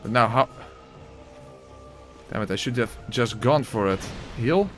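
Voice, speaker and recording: A man's voice: medium pitch, a little slow, soft background music. A man giving casual gameplay commentary and voice-over narration, exclamatory, swearing, with wry asides.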